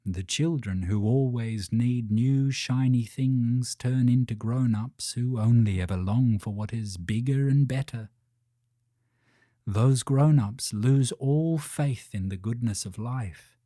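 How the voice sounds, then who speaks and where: A man voicing a slow, soothing ancient spirit. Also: medium pitch, mellow, no echo, clean studio sound.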